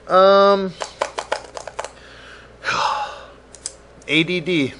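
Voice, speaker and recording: A man's voice: on the high side, big pitch swings, takes it slowly, long pauses, pushed and bright, slight background noise. A man hosting his own podcast alone. He rambles loosely and swears a lot, jokes at his own expense, and says he is in a grumpy mood. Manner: loose, profane, self-mocking, jumps between topics. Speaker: podcast host. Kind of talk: rambling solo podcast monologue.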